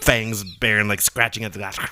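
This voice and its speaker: Low-voiced wry male podcast cohost. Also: a little fast, music in the background. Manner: wry quips, builds jokes with rising excitement. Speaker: podcast co-host. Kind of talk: casual chat, telling jokes.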